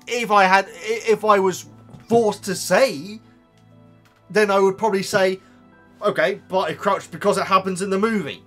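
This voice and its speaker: A man's voice: high voice, fairly bright tone. A man hosting his own video, reading out viewer comments in casual chat and often stumbling over his words and restarting.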